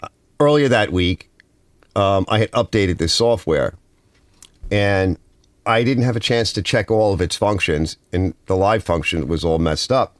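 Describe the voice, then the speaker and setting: A man's voice: deep voice, expressive, a little slow, no room sound. A man with a Northern US accent hosting a casual garage livestream, rambling and reading viewer comments aloud.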